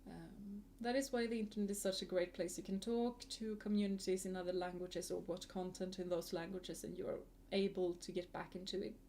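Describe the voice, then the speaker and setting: A young woman chats away in a mellow, unhurried voice, laughing often as she rambles. Her colors every word, and a faint hiss sits under the close mic. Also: mid-range voice, steady tone. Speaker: vtuber streamer. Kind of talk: casual chat to a live chat.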